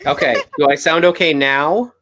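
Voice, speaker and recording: Hesitant man with a higher voice. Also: moderate pace, crowd noise. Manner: hesitant, restarts often. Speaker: podcast co-host. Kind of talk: casual podcast chat over a call.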